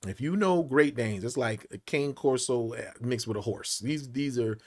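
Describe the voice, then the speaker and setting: A man in his late forties, a podcast guest telling stories in an animated way, acting out the voices of the people in them. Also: medium pitch, moderate pace. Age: late 40s. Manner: lively, acts out quotes in big jumps of voice. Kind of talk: animated storytelling interview.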